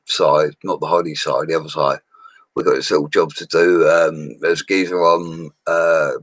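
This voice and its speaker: Deep-voiced drunk builder, loud and rambling, on a laptop stream in a dry little room. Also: male voice, little pitch movement, moderate pace, dry recording. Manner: rambling, loud and laddish, laughing often. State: drunk, slurring. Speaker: bricklayer streaming to viewers. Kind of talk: drunk casual live-stream chat. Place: small room at home, alone. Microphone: laptop microphone.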